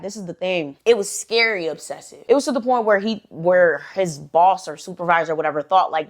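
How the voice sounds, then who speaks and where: A woman's voice: lowish voice, fairly quick, few pauses. A woman hosting a storytime channel, telling a story casually with lots of slang, "like" fillers and swearing.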